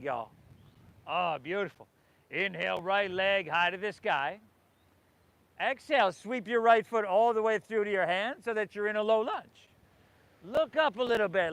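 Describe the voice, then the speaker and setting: A man's voice: sits high, a bit bright, dry recording. A man teaching an outdoor yoga class, giving encouraging cues and breathing instructions to the group. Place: outdoors by the ocean.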